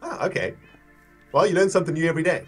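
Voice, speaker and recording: Husky laid-back man on a livestream. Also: fairly high pitch, quick pace, soft background music. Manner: laid-back, laughing, enthusiastic. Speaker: livestream co-host. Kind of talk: casual gaming livestream chat.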